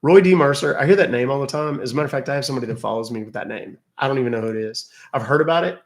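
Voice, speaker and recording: Talking very fast in a mid-range voice, this roughly fifty-year-old host runs a laid-back livestream. He fields viewers' chat questions with a wry, conversational style.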